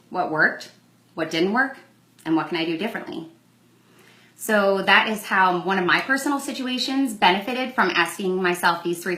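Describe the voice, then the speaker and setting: A woman's voice: fairly low pitch, fairly bright tone, roomy sound, rough recording. A young woman telling a personal story in a candid, conversational vlog, acting out the lines in quoted exchanges. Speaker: vlogger.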